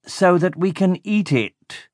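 A man voicing a cruel, bossy villainous baron who gloats slowly and bellows insults at his henchmen. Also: sits high, expressive, dry recording, clean studio sound, voice pushed up. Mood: gloating. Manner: slow, gloating, shouts insults.

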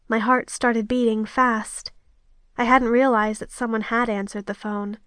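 A woman narrating a romance audiobook in the first person, with a steady, intimate delivery. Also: fairly high pitch, measured pace, dry recording.

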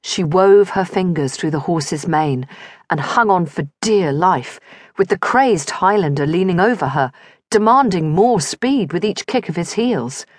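A woman's voice: fairly low pitch, lively intonation, a little slow, no echo. A woman narrating a romance audiobook in vivid scripted storytelling on a close studio mic.

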